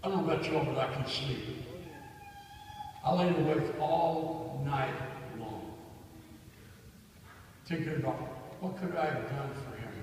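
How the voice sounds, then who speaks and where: A middle-aged man giving an emotional storytelling speech at a banquet, swinging from loud to hushed. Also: medium pitch, a little slow, long pauses. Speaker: banquet speaker. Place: large banquet hall. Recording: echoey hall from far off, faint noise.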